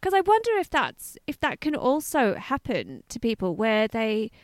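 A woman's voice: fairly high pitch, huge pitch swings, normal speed, no room sound. A woman co-hosting a podcast, chatting animatedly, laughing often and musing aloud. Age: 30s or older. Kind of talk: casual chat.

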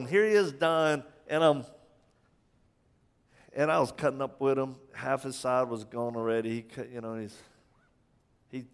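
A man preaching a sermon in a church, impassioned, firing rhetorical questions and stumbling over quick restarts. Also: mid-range voice, vocal fry. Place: church sanctuary. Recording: long church hall reverb.

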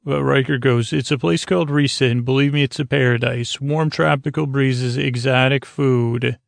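A man with a gravelly, flat voice slowly wanders through a bedtime recap of a TV episode, stopping and restarting often. The sound is dry and close, with no room around it. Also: mid-range voice, no echo. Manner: meandering, halting, many fillers and restarts. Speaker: podcast host. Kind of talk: rambling sleep-podcast episode recap.

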